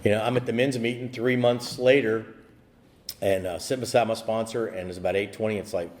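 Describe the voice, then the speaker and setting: An American man at an AA meeting tells his recovery story in a rambling way, full of fillers and restarts. His voice sits fairly low and a little mellow, with a steady tone and a fairly quick pace.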